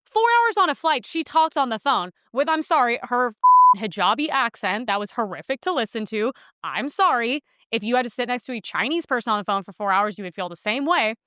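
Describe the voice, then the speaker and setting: A woman's voice: a little high, animated, fairly quick, pushed and bright, no room sound, studio quality. A young woman hosting a podcast in a casual, blunt monologue, full of filler words and crude asides. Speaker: podcast host.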